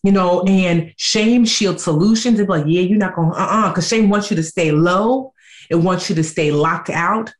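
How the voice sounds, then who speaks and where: A woman in her thirties, a guest in an interview, telling her story in a lively, animated way. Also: lowish voice, moderate pace. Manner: animated, acts out quoted voices.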